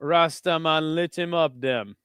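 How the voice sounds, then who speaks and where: A man hosting a live watch-along of a kickboxing event. He talks casually and swears a lot, breaking into excited shouts at big moments. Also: on the high side, unhurried, clear, resonant tone, dry recording, clean studio sound. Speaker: host.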